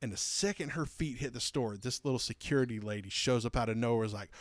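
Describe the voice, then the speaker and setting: A man co-hosting a podcast, telling a long casual story with lots of fillers and lively retellings. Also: medium pitch, fast talker, no room sound, clean studio sound. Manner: animated, rambling anecdote with many fillers. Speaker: podcast co-host.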